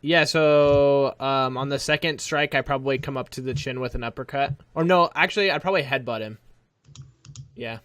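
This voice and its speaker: A man's voice: medium pitch, fairly bright tone. Rambling man playing a tabletop game. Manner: rambling, lots of "like" and "um". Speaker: player. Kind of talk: casual tabletop game play.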